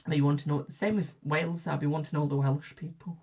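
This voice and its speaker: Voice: medium pitch, level tone, quick pace, a little mellow, husky. A young adult tarot reader from Britain chatting casually with live viewers, rambling and repeating phrases for emphasis.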